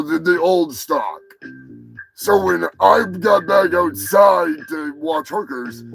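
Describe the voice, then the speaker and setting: A man hosting a live show, telling profane, rambling stories and breaking into shouts. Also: sits high, gravelly, rough recording. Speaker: host. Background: music.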